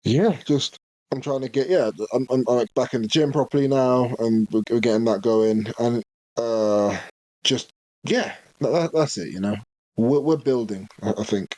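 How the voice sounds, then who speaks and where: A man's voice: mid-range voice, warm tone, no echo. Give me a hesitant young man in casual podcast chat. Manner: hesitant, halting with fillers. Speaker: podcast co-host.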